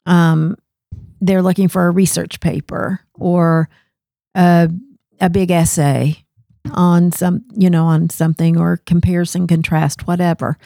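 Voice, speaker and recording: Woman co-host for a casual panel chat; husky-low, gravelly texture, dry studio sound, reflective and tentative. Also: flat delivery, unhurried, mellow, no echo. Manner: thinks aloud, self-questioning, laughs easily. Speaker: curriculum podcast co-host.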